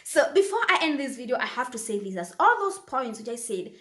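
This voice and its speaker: Animated woman vlogger. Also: a little high, brisk, roomy sound, a little hiss or hum. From Kenya. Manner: animated, repeats phrases for emphasis. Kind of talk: casual talk to camera.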